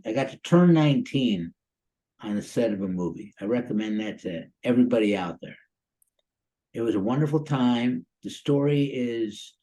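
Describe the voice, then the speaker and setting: A man's voice: lowish voice, dark tone, rough recording. A man in his sixties from the Chicago area, a guest actor telling stories in a casual interview, rambling and upbeat with lots of "you know" and "um". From Chicago area, USA. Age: 60s.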